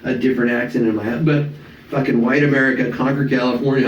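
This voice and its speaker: A middle-aged man, a comedian and voice actor, telling stories in an animated, casual way and swearing freely. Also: mid-range voice, fast talker, lo-fi sound, slight background noise. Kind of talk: casual storytelling chat. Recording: echoey room, distant mic.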